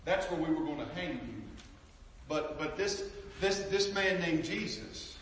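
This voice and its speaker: A male preacher voicing a gruff male Roman prison guard in a sermon story. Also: fairly high pitch, expressive, a little slow, fairly bright tone, slight background noise. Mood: gentle. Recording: echoey hall from far off.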